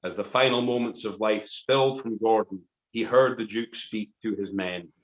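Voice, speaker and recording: A man's voice: lowish voice, moderate pace. A man narrating a comic story in a mock-dramatic way. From Scotland. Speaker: musician reading a story on a live stream. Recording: roomy, dull live stream audio.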